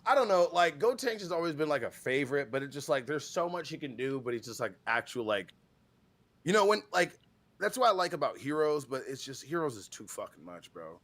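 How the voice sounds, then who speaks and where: A tired man co-hosting a podcast in casual chat, excitable and swearing a lot, often trailing off mid-thought. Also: fairly high pitch, a little fast, no room sound. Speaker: podcast co-host.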